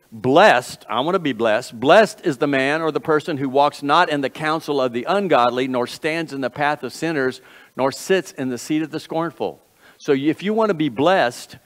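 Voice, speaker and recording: Man preaching in a reverberant sanctuary. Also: medium pitch. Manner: earnest, folksy preaching with repeated phrases and self-corrections. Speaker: pastor. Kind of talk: sermon. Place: church sanctuary.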